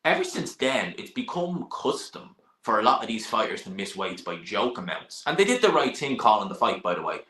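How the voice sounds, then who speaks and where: A young man chats bluntly on a live stream, answering his viewers as they ask. His voice sits a bit low but comes across bright and forward. The room around him is noticeably echoey. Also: sing-song, brisk, hardly any pauses. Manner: chatty, blunt, sighs and laughs, swears now and then. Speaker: live-stream host reading chat. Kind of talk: casual live-stream chat.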